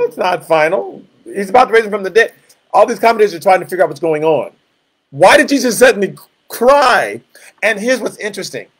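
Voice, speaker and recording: A man leading a Bible study, teaching in an animated way, asking rhetorical questions and acting out scripture dialogue. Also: fairly high pitch. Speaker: pastor.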